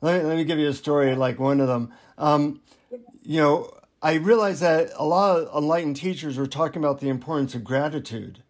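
A man being interviewed as an author, telling anecdotes in a relaxed, self-deprecating way. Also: fairly high pitch, a little fast. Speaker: author and guest. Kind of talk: interview storytelling.

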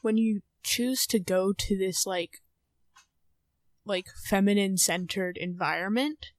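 A young adult woman co-hosting a podcast, chatting casually with lots of fillers and drawn-out phrases. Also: mid-range voice, no room sound. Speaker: podcast co-host.

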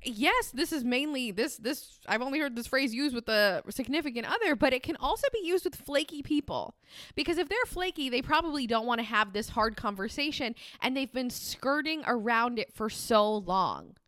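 A woman's voice: high-pitched, lively intonation, moderate pace, a bit bright, no room sound, studio quality. A young woman hosting a podcast, giving casual, candid advice and swearing freely. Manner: candid, swears casually, acts out sample dialogue. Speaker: podcast host.

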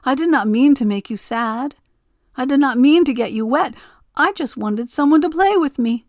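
A mischievous wind spirit voiced by a woman who wants only to play, pitched high and bright with teasing glee. She speaks in a storybook reading, recorded dry with no room sound. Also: very animated, unhurried, no echo, heavily acted. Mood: apologetic.

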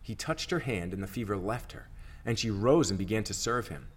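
A man reading scripture aloud for a church reading plan, in a steady, measured narration. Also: on the low side, husky. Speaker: scripture reader.

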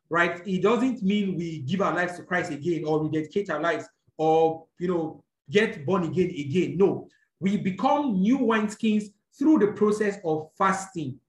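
A preacher's mid-range voice carries a little hiss or hum in an echoey room as he teaches a sermon, explaining scripture step by step. He often checks in with listeners and corrects small slips.

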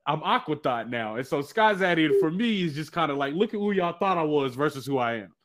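A man telling a personal story in casual chat, animated and slangy. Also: a little high, fairly quick. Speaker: guest.

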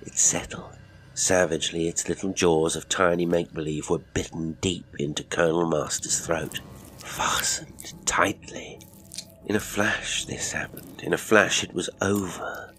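A man narrating a ghost story in a measured way, often dropping to a hush. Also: low voice, steady tone, in a whisper. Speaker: audiobook narrator.

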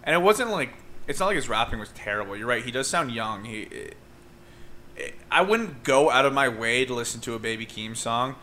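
Young male co-host, bright tone, eager casual chatter. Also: medium pitch, animated, fairly quick, slight background noise. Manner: enthusiastic, swears casually. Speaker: podcast co-host. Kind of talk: casual chat.

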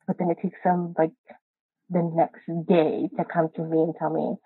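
A woman calling in to a podcast, venting about her partner in a halting, frustrated way with a husky voice. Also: lowish voice, flat delivery, no room sound. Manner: frustrated, halting, many restarts. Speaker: caller. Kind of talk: live call-in chat. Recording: dry tinny call line.

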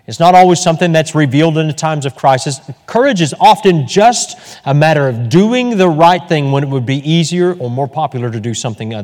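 A man's voice: fairly high pitch, long reverb tail. A man preaching a sermon as pastor, emphatic and fervent, repeating words for stress.

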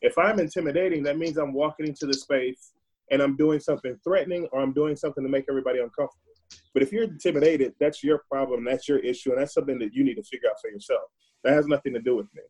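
A man's voice: medium pitch, racing, a little mellow, husky. A man, a guest on a podcast, speaking earnestly and at length, often repeating words as he searches for what to say. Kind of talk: conversational, reflective monologue.

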